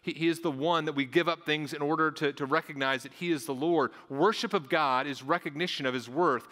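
A man's voice: on the high side, pushed and bright, big-room sound. A man, a pastor, preaching a sermon earnestly, often repeating his words as he goes. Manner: earnest, repeats words, acts out voices of onlookers.

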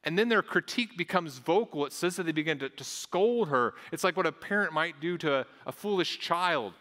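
A man's voice: fairly high pitch, animated, brisk, sharp tone, big-room sound. A man, a pastor, preaching a sermon earnestly, often repeating his words as he goes. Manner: earnest, repeats words, acts out voices of onlookers.

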